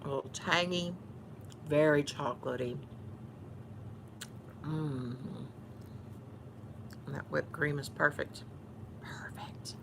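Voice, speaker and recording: A woman's voice: deep voice, slow, creaky, long pauses, noisy background. A woman from Houston with a Texan Southern accent, chatting casually while eating on camera, teasing and mock-bossy. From Houston, Texas. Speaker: YouTuber.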